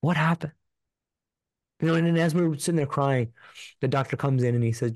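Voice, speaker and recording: A man's voice: a little high, brisk, no room sound. Earnest man telling a personal story. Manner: earnest, profane, repetitive, full of fillers. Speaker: podcast guest.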